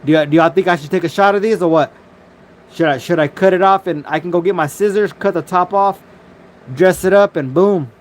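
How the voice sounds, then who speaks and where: A man hosts a casual live stream, chatting loosely and cursing in a somewhat higher voice at a brisk pace. He's on a phone mic, with faint noise in the background.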